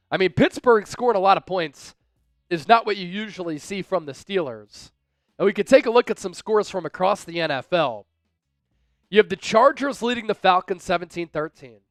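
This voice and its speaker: A man with a high, smooth, resonant voice hosts a live sports stream. He talks casually and upbeat, reading out viewer donations and game scores. The sound is dry and close. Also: a bit bright, no echo. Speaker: livestream sports show host.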